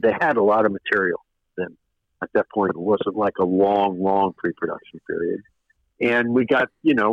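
Older male producer guest, low pitch, meandering anecdotes, muffled lo-fi broadcast. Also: no echo. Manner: rambling, many fillers and restarts. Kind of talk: casual interview storytelling. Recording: dull lo-fi radio sound.

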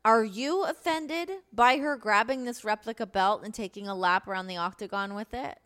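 A woman hosting a casual podcast chat, animated and laughing often. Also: mid-range voice, normal speed, clear, resonant tone. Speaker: podcast host.

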